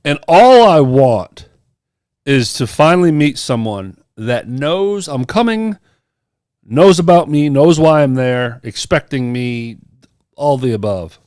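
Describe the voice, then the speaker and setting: A man's voice: medium pitch, slow, no room sound. Dry-voiced man telling a story. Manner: animated storyteller acting out quoted dialogue. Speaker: podcast co-host. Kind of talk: casual storytelling chat.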